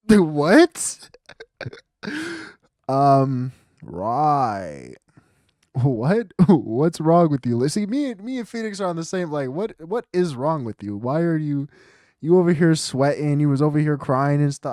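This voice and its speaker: A man's voice: on the high side, big pitch swings, slow pace, darkish tone, no room sound, studio quality. A young man giving casual, slangy, joking commentary while playing a game. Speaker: gaming video creator.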